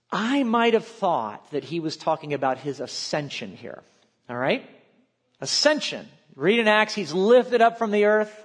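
High-voiced man preaching a sermon. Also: moderate pace. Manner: expressive preaching, quotes scripture aloud, drops to quiet asides. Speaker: pastor.

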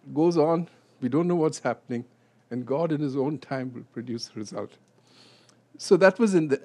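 Guy teaching bible study, kinda high voice, gets loud and worked up acting out the verses. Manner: animated, acts out scripture quotes with rising voice.

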